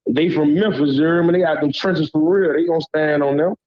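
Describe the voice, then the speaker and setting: A man with a Southern drawl, originally from Louisiana, calls into a live panel and vents in blunt slang, pausing again and again to ask whether he's being heard. His voice sits fairly high for a man. The call comes through muffled and lo-fi. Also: steady tone. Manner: heated, repeats "you hear me", blunt slang. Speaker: caller on a panel. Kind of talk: heated call-in rant.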